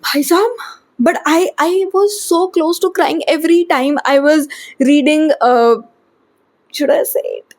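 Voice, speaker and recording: A woman's voice: high-pitched, unhurried. A young woman with an Indian English accent chatting casually in a home vlog about books she has read, rambling and dropping in Hindi words. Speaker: book vlogger. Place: home bedroom.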